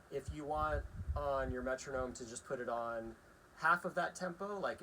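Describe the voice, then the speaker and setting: A man giving a casual drum lesson, chatty and relaxed, counting rhythms aloud as he demonstrates. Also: medium pitch, slight background noise, poor audio. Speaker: drum teacher. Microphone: phone camera aimed at a practice pad.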